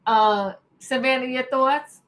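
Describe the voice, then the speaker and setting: A woman's voice: high-pitched, slow, a bit bright. A woman hosting a casual panel talk show, reacting animatedly and calling on each panelist by name.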